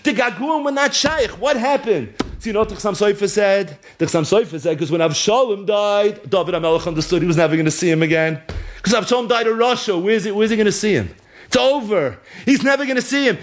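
A man giving a Torah lesson, reading verses and translating them line by line in an animated storytelling manner, acting out quotes with sudden exclamations. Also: sits high. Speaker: Torah teacher.

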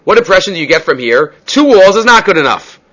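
A man's voice: high-pitched, very animated, fast talker, sharp tone. A man teaching a Talmud class, reading passages aloud and explaining them step by step, often asking questions and answering them himself.

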